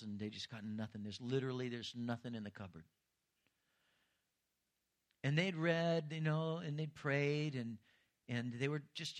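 A middle-aged man preaching a sermon as pastor, earnest and rising to emphatic intensity. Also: mid-range voice.

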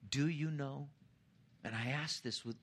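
Unhurried and husky, a pastor gives a sermon where the important points grow louder and higher, while his line endings drop to a soft, low murmur.

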